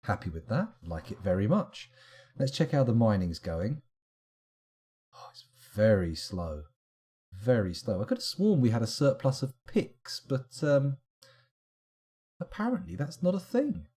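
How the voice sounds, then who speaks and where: A man's voice: mid-range voice, very animated, unhurried, long pauses, mellow, breathy edge. A man giving live, casual commentary while streaming a game, rambling along with wry asides.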